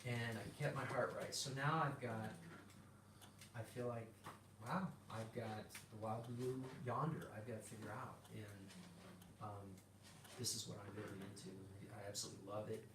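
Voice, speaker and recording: A man's voice: fairly low pitch, fairly even intonation, moderate pace. A middle-aged man sharing a personal faith story in casual talk, acting out the dialogue with restarts and fillers. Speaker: guest sharing a personal testimony. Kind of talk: casual spoken testimony. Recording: roomy sound from a distant mic with background noise.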